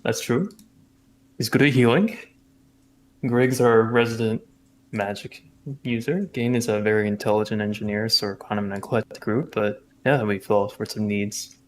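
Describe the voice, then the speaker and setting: A man's voice: lowish voice, steady tone, normal speed, a little hiss or hum. Easygoing male tabletop player. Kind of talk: casual tabletop play.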